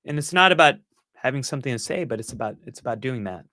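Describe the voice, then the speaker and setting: A man's voice: medium pitch, lively intonation, fast talker, sharp tone, no echo, studio quality. A man hosting a live-stream Q&A, answering viewer questions in an earnest, encouraging way with self-mocking asides.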